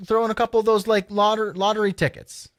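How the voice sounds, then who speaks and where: A man with a Canadian accent, co-hosting a podcast in casual chat and talking in animated bursts. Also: high-pitched, a little fast. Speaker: podcast co-host.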